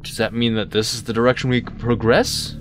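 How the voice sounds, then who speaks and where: A man's voice: mid-range voice, flat delivery, fairly quick, slight background noise. A man hosting a let's play, rambling in casual gameplay commentary with self-mocking asides. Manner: rambling, self-mocking, lots of sudden yelps.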